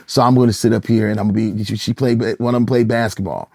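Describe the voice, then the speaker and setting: This middle-aged pastor and gospel singer from Michigan shares stories at a quick pace during a casual interview, his lowish voice carrying some gravel. Quoting others, he becomes animated and performs their parts. It's a close, dry recording with no echo or room sound.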